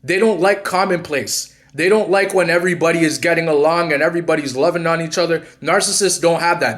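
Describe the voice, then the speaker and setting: A man's voice: on the high side, a bit bright. A man hosting his own channel, talking casually to viewers about narcissism, rambling with many restarts and repeated phrases. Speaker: channel host, narcissism coach.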